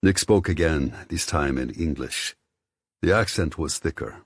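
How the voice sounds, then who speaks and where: A very low, husky male voice reads a first-person story in measured, even steps. It sits dry and close to the mic, with nothing around it. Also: no echo. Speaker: audiobook narrator. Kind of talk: scripted first-person narration.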